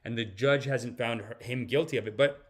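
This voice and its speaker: A man's voice: mid-range voice, a little fast. A man hosting a live-stream podcast, reacting to videos and chat comments in a rambling way with frequent restarts. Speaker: podcast host.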